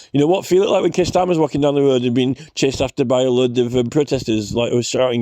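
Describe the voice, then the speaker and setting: A man's voice: on the high side, quick pace, few pauses, dark tone, dry recording. A man in a rambling, scornful ranting commentary, full of fillers and restarts. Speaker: vlogger.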